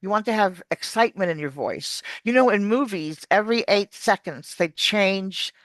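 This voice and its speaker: Animated accent coach, dry close sound. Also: medium pitch, moderate pace, dry recording. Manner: animated teacher, demonstrating words. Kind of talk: explanatory interview answers.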